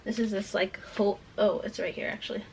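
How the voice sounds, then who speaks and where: A young woman rambling through a casual rant at home while packing, full of "like" fillers, dipping into soft asides. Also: medium pitch, fairly even intonation, quick pace, creaky, a little hiss or hum, rough recording. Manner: rambling, heavy use of "like" fillers; drops to soft asides about clothes. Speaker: vlogger.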